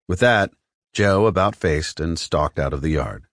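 A man reading an adventure novel aloud as the audiobook narrator, in an expressive storytelling manner. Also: deep voice, measured pace, no echo, studio quality. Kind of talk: scripted narration.

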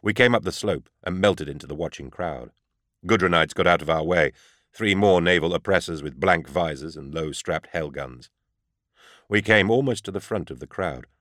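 A man reading a first-person story aloud in a grave, measured storytelling manner. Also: low-pitched, fairly bright tone, no room sound, clean studio sound. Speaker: audiobook narrator. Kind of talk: first-person scripted narration.

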